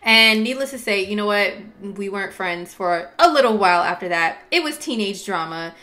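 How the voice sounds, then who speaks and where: Bright-voiced woman telling animated stories. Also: medium pitch, normal speed. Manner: animated, slangy, acts out dialogue. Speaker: astrology vlogger. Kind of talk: casual storytelling chat.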